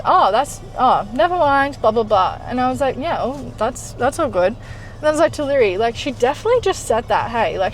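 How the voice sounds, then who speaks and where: This young woman's voice is a little high, captured in a rough recording with slight hiss or hum. A vlogger in a parked car, she chats animatedly through a story, voicing the dialogue and dropping the occasional swear.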